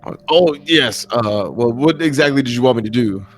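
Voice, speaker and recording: A man's voice: mid-range voice, animated, normal speed, faint music behind, natural voice. A man voicing an eager, helpful elephant-folk druid who sounds a little startled. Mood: surprised.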